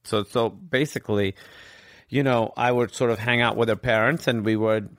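A man's voice: mid-range voice, steady tone, moderate pace, no room sound, studio quality. A man candidly telling a personal story as a guest in a conversation, rambling and swearing casually.

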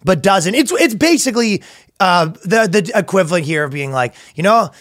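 A man's voice: sits high, animated, moderate pace, a bit bright, no room sound, studio quality. A man co-hosting a comedy podcast in casual chat, joking and laughing often. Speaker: podcast co-host.

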